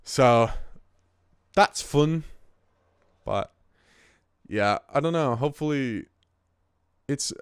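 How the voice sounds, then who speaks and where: A man's voice: lowish voice, clean tone, dry recording, studio quality. A man in his twenties who hosts the show, talking in a rambling, casual monologue full of swearing and restarts. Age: 20s. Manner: rambling, profane, restarts often. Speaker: host.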